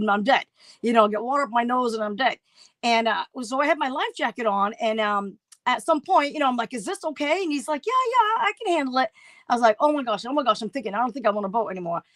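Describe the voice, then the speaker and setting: A woman's voice: high-pitched, dry recording. A middle-aged woman telling a story on a casual livestream chat, acting out her own past voices. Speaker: co-host.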